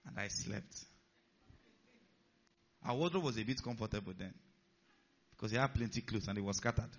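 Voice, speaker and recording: A man preaching a sermon, animated and putting rhetorical questions to his listeners. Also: mid-range voice, brisk, creaky, pauses often, highs cut off.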